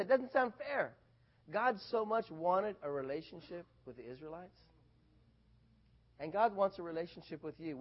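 A man preaching a casual sermon, animated, swinging from loud bursts to quiet asides. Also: high-pitched, husky, lo-fi sound.

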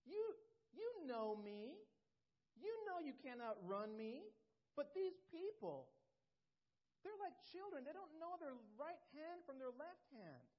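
A woman's voice: high voice, very animated, slow pace, pitched above the performer's own voice, full character voice. A woman preacher voicing God, reasoning earnestly with a sulking prophet through emphatic questions. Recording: dull lo-fi recording.

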